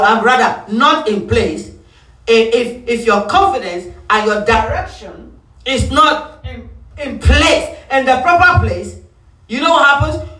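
A man delivers a sermon in a strikingly high, bright voice. He hammers his points through repetition and call-and-response. The sound comes from far off, with a roomy hall echo. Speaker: preacher.

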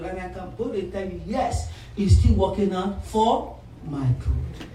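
A middle-aged woman preaching a sermon, emphatic and building to shouts, calling for responses from the congregation. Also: medium pitch, normal speed, slight background noise. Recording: echoey hall, voice from far off.

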